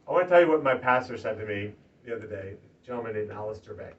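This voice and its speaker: A man, a political candidate, giving a campaign stump speech to a small crowd, swinging from loud rallying to hushed, earnest talk. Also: on the low side, expressive, rapid-fire, slight background noise. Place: party office meeting room. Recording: distant lo-fi room recording, faint ambience.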